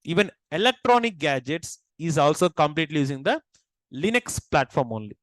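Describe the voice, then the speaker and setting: Indian man, high voice, lecturing a class and quizzing students, dry close recording. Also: sing-song, fairly quick, dry recording, low-quality recording. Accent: Indian English. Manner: asks the class questions and repeats key points. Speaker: teacher.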